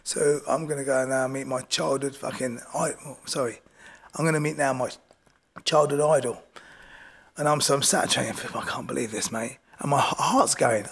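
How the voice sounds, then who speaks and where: A man's voice: mid-range voice, normal speed, creaky, a bit bright, slightly rough. A male boxing coach, telling stories in a chatty way in an interview and acting out other people's voices as he goes. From England. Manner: chatty, keeps saying "do you know what I mean", acts out voices in his stories. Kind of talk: casual storytelling interview.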